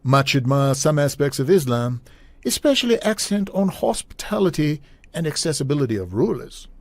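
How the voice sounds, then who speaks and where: A man performing a pompous elderly British royal in an affected, plummy accent that keeps slipping. The voice sits higher than natural and sounds lofty. It is recorded close and dry. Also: big pitch swings, moderate pace, no room sound. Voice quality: clumsy put-on posh British accent. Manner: plummy, self-mocking, raised pitch. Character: stuffy older male British royal writing a letter.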